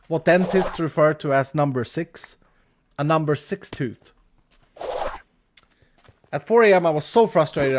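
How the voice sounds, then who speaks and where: A Swedish man in his thirties tells a story in English while gaming on a live stream, his fairly high voice carrying a little hiss or hum. He's animated, laughing and restarting his sentences as he goes.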